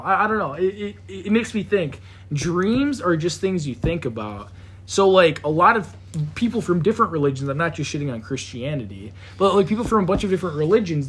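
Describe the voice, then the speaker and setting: A man's voice: a little high, fairly bright tone, slight background noise. A young man on a podcast in casual chat, often stammering and repeating words as he thinks aloud. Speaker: podcast host.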